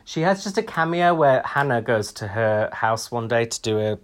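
A man co-hosting a podcast in casual, self-mocking, expressive chat. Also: medium pitch, normal speed. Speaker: podcast co-host.

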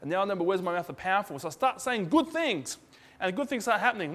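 A man preaching with a slightly high voice, chatty and informal, slipping into quick acted-out voices for the people in his examples. His words ring out with a long reverb, as in a big church hall. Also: very animated, fairly bright tone. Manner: conversational, acts out dialogue with shifting voices. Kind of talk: sermon.

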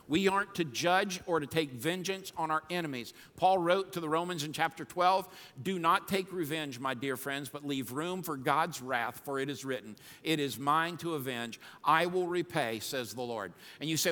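A man preaching a sermon as pastor, fired up and swinging between quiet asides and shouting. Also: on the high side, normal speed. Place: church sanctuary. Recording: long hall reverb.

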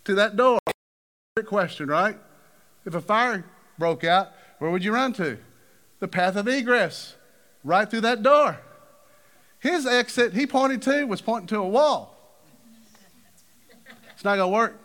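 Man, preaching, high voice, lively pitch, acts out quotes. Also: measured pace, pauses often. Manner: animated, acts out quoted figures with big pitch swings. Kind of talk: sermon.

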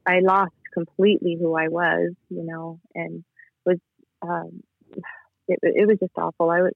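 A man giving an earnest, halting and emotional personal testimony as a guest over the phone. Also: on the high side, flat delivery, vocal fry, no echo. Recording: tinny phone line.

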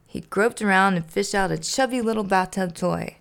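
A woman's voice: on the low side, fairly even intonation, fairly quick, few pauses. A woman podcast host reading a children's storybook aloud in a playful way. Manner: playful, laughs to herself.

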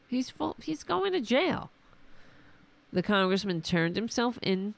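A woman with a lowish, gravelly voice hosts a sarcastic political commentary livestream while losing her voice. She talks back to clips in a mocking, exasperated way.

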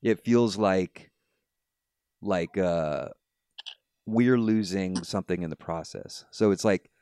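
Male host, 30s, very low register, casual talker with restarts, dry close sound. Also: slow pace, dark tone, clear, resonant tone, no room sound. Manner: conversational, laughing asides, many restarts. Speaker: podcast host. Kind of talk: casual discussion.

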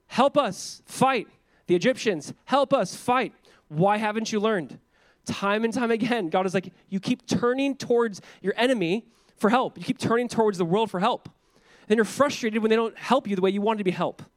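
A young adult man preaching a sermon in a conversational, animated way, acting out the voices in the scripture he reads. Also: high-pitched, a little fast, dry recording. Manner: conversational, animated, acts out quotes. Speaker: pastor.

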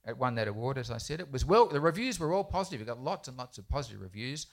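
A man who writes children's poems speaks in a mid-range voice, fast and with big swings in pitch. Speaking on a festival panel in an indoor bookshop event space, he tells a live audience a rambling, self-deprecating anecdote, restarting often.

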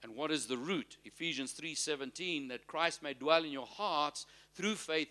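Male pastor preaching, bright forceful voice, kinda high, calls out to the crowd n drags out the big lines. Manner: preaching with call-and-response to the congregation; slows and stresses key phrases, swings from loud to soft. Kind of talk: sermon.

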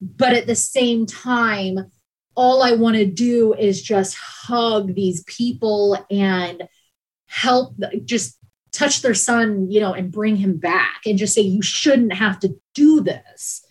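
Woman, former emergency dispatcher, halting emotional telling, steady mid pitch. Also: rough recording. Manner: halting, emotional, with many restarts and pauses. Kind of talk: personal account in a conversation.

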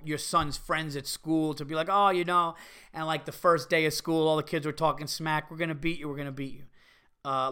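A middle-aged man hosting a casual comedy podcast, ranting profanely and excitably as he reads listener emails. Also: on the high side, smooth. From Italian-American heritage.

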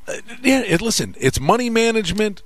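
A man's voice: sits high, sing-song, a little fast, no echo. A man hosting a sports radio talk show, speaking emphatically and repeating phrases for effect.

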